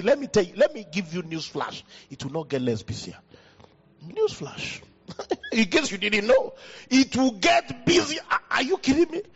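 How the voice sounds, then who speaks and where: A pastor with a West African accent preaching a sermon into a handheld mic, leaping up in pitch for emphasis. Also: male voice, moderate pace, husky. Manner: animated preaching, jumps high in pitch for emphasis. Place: church hall. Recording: dull hall recording with long reverb.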